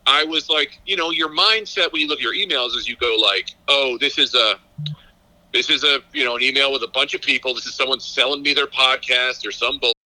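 Bright-voiced comedian calling in by phone. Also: male voice, mid-range voice, brisk. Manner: rambling, self-mocking, enthusiastic. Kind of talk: casual chat. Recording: phone line.

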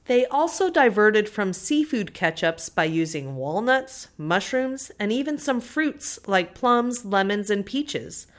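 With faint music in the background, a woman co-hosting a food history podcast reads her script in a matter-of-fact way. Her mid-range voice is very animated and slow, with few pauses.

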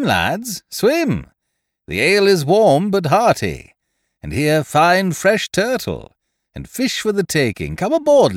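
A man's voice: mid-range voice, no echo, clean studio sound, pitched above the performer's own voice. A man voicing a cheerful, mocking pirate captain who gloats over his beaten rivals. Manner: gloating, blithe, derisive.

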